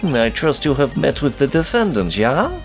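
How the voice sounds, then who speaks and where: A man's voice: medium pitch, big pitch swings, moderate pace, faint music behind, pitched above the performer's own voice. A man voicing a smug young male prosecutor with a put-on German accent, formal and teasing.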